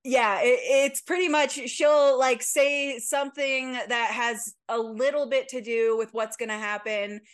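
A woman's voice: fairly high pitch, steady tone, measured pace, few pauses, clean tone. Chatty young woman co-hosting a podcast. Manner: chatty, swearing, self-correcting restarts. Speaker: podcast co-host. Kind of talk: casual chat. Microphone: remote call.

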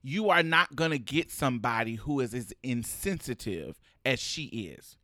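A podcast co-host talking casually about an episode in a bright, lively voice that rises and falls a great deal. They laugh easily and slip into earnest points. The recording is close-miked and dry. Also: mid-range voice, normal speed, no room sound. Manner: animated, slipping into quoted voices and laughter. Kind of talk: casual chat reviewing a TV episode.

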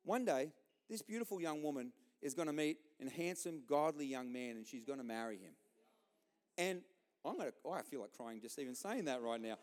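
A middle-aged man preaching a sermon as a pastor, impassioned, swinging between loud outbursts and quiet asides. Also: mid-range voice, lively intonation, brisk, big-room sound.

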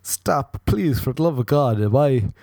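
A man's voice: mid-range voice, expressive, a little slow, creaky, warm tone, no room sound, clean studio sound, pitched above the performer's own voice. A man voicing an exasperated pet cat that pleads with and scolds its owner, in a somewhat raised voice.

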